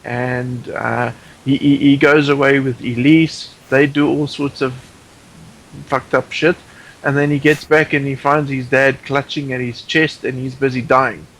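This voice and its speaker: A man's voice: mid-range voice, level tone, a little slow, fairly bright tone, poor audio. A man guest on a podcast in casual chat, opinionated and rambling, with many restarts.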